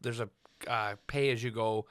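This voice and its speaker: Profane guy telling a drinking story, bright tone, dry sound. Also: medium pitch, fairly even intonation, a little slow, clear, resonant tone, no room sound. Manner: profane, loud when mimicking a friend. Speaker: podcast co-host. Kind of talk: casual storytelling chat.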